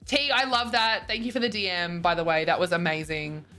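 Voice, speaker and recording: A woman's voice: lowish voice, fairly even intonation, a little fast, pushed and bright. A bubbly woman in her twenties chatting casually with viewers on a stream, laughing often. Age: 20s. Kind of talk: casual chat reading viewer messages. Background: faint music.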